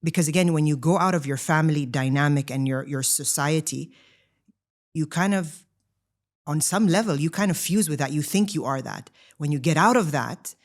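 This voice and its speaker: A woman in her thirties co-hosting a podcast, telling her own story in casual chat, animated and full of "like" fillers and restarts. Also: low-pitched, normal speed. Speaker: podcast co-host.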